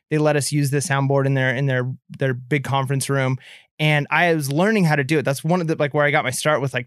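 A man's voice: medium pitch, fairly bright tone, smooth, dry recording, studio quality. A man in his thirties co-hosting a podcast, telling stories in a chatty way with many fillers and restarts. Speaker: podcast co-host. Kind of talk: casual podcast chat.

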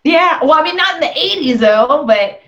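A woman's voice: high-pitched, animated, normal speed, a bit bright. A woman chatting casually about a horror movie, rambling with many fillers and frequent laughs. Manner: rambling, laughs a lot, lots of "like". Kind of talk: casual movie review chat. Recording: dull lo-fi audio.

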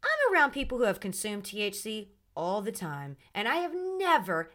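A woman's voice: medium pitch, fairly bright tone. A woman hosting a solo podcast, outspoken and sassy. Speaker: podcast host.

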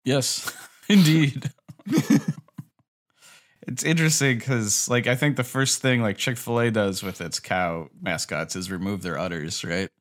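A mid-pitched man talks easily on a podcast. His delivery is relaxed and conversational. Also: unhurried. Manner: relaxed, casual, many fillers. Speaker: podcast co-host. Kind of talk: casual chat.

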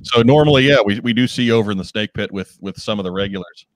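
A man's voice: lowish voice, fast talker, no room sound. A man hosting a casual live video chat show, joking and often restarting his sentences. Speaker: host.

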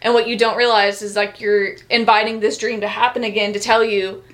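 A woman's voice: medium pitch, level tone, brisk, a bit bright. Woman co-host reading from a dream dictionary in a casual chat and tripping over a word now and then. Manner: reads dream-dictionary entries aloud, stumbling over words. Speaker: podcast co-host.

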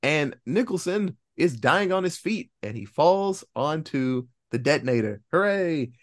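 A man casually recapping a film on a podcast, his voice sitting a little high and swooping all over as he narrates. He acts out the characters' lines in quick asides. He cheers sarcastically and swears offhandedly as the story builds. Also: expressive. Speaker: podcast co-host reviewing a film.

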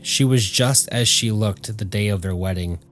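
A man narrating a story in a measured, steady audiobook style. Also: fairly low pitch, music in the background.

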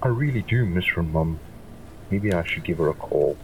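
A man's voice: deep voice, lively intonation, normal speed, darkish tone. A man voicing a flustered, sentimental pirate captain who hurries his words out. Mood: wistful. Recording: distant mic with faint background noise.

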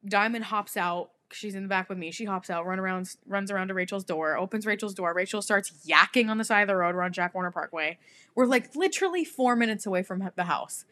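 Talking fast in a mid-range voice, this young female podcast co-host shares a story during casual conversation, cursing openly and breaking into laughter often.

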